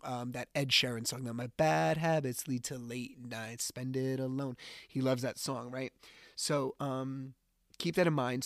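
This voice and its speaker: A man hosting a podcast, telling a personal story in a casual, animated way and acting out the dialogue. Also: medium pitch, no echo, studio quality. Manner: animated, acts out dialogue while retelling. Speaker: podcast host.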